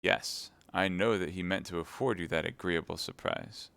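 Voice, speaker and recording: Sly cloaked schemer in a storybook, guy reading it, low, scornful. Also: fairly even intonation, normal speed, vocal fry, fairly bright tone, clear, resonant tone, no echo. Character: secretive male agent in a cloak.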